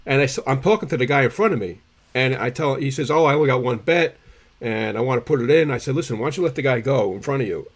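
A man, co-hosting a podcast, tells rambling stories in a husky voice and keeps clearing his irritated throat. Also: medium pitch, quick pace. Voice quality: gravelly, husky. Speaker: podcast co-host. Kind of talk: casual storytelling chat.

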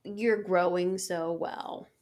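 A woman's voice: fairly low pitch, fairly even intonation, slow, darkish tone. A woman in her thirties chatting casually and candidly about parenting, swearing freely and restarting her sentences often. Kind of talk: casual chat.

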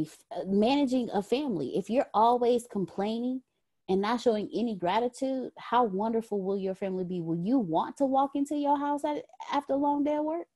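A woman with a warm, medium-pitched voice facilitates a leadership class over a phone or video call. She gives a motivational talk about gratitude, speaking earnestly and often repeating words.

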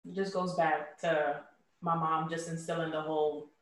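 A woman's voice: sits low, little pitch movement. Reflective woman, distant and echoey. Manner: reflective, many "um" and "like" pauses. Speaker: discussion participant. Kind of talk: casual group discussion. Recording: echoey room, far from the mic.

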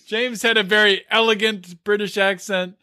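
A man's voice: sits high, flat delivery, moderate pace, sharp tone, no echo, studio quality. A man co-hosting a podcast, chatting casually in a blunt, dismissive way. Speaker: podcast co-host. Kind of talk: casual chat.

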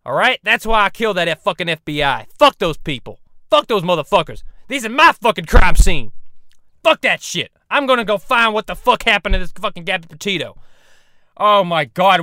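A man's voice: high voice, bright, forceful tone, no room sound, studio quality, exaggerated voice. A man doing a parody impression of a profane, hot-headed bounty hunter who rants and swears. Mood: defensive. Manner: gruff, swearing, bullying rants. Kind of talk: parody voice acting.

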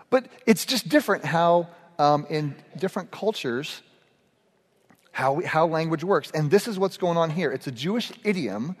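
A man's voice: high-pitched, normal speed. A middle-aged man giving a casual, humorous sermon to a group. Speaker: pastor. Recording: echoey hall reverb.

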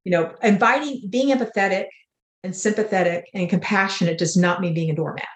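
Older woman speaking in a roomy echo. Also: medium pitch. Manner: earnest, unhurried, spiritual storytelling. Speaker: guest, author. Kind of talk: reflective interview talk.

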